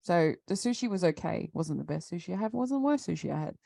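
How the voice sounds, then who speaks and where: An Australian woman co-hosting a casual chat, with a lowish, gravelly voice recorded dry and close. She rants her way through a story and acts out the back-and-forth. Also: animated, quick pace, warm tone, no room sound. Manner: ranting storyteller, acts out both sides of conversations. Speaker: podcast co-host.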